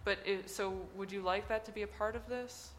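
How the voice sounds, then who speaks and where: A woman's voice: mid-range voice, fairly even intonation, fairly quick, fairly bright tone, a little hiss or hum. A woman hosting a casual interview, thoughtful and hesitant with many fillers. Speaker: host.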